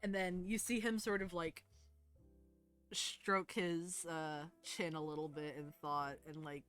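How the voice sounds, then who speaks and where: Low-voiced woman game master. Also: little pitch movement, slow, a bit bright, clean tone, soft background music. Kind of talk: narrating a tabletop game.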